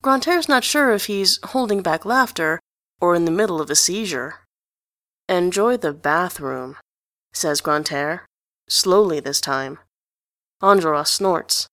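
A woman narrating a storybook reading at a measured, even pace. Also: on the low side, no echo. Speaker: audiobook reader.

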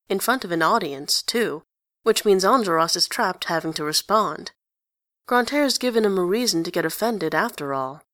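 A woman narrating a story in an even, conversational way. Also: mid-range voice, no room sound, studio quality. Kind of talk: story reading.

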